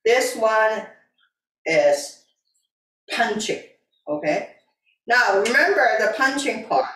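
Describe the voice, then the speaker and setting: A woman leads a tai chi session at an unhurried, slow pace, calmly repeating cues to breathe in and out. Her voice comes from some distance away in an echoey room. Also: on the high side. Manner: calm, repetitive breathing cues, simple non-native grammar. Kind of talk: guiding an exercise class.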